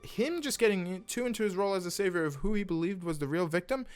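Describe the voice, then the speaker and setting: A man's voice: high voice, fast talker, clean tone, soft background music. A young man reading fan fiction aloud in a casual way, stumbling over words and adding asides. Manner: animated, stumbles over words, laughs at the text.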